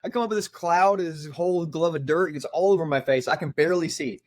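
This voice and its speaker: A middle-aged man co-hosting a podcast, telling a story in casual chat, animated and laughing as he acts out quotes. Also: a little high, fairly quick, dry recording, studio quality. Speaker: podcast co-host.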